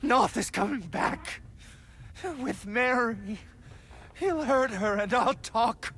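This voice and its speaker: Gravelly, desperate captive begging to die. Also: male voice, extremely high pitch, expressive, slow pace, fairly bright tone, a little hiss or hum, full character voice. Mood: pleading. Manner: pleading, desperate. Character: tortured man strapped down, begging to die.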